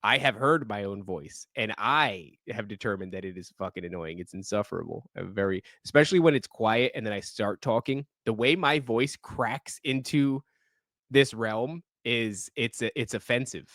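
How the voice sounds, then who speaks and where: A man co-hosting a podcast, reading listener stories in casual chat, animated and profane, often laughing while he reads. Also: lowish voice, moderate pace, no echo, clean studio sound.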